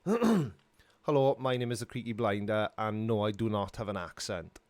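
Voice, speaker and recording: A man's voice: on the low side, expressive, moderate pace, darkish tone, dry recording, lightly acted. A Welsh man voicing a stiff, over-formal man who claims to have no accent. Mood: prim. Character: man putting on an overly proper accentless voice.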